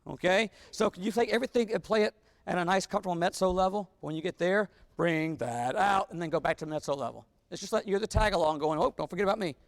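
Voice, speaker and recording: A high-voiced man speaks quickly as he conducts a wind band rehearsal, coaxing players through phrasing and singing rhythms on syllables. He wears a wireless body mic in a large rehearsal hall, with long reverb and band music behind him.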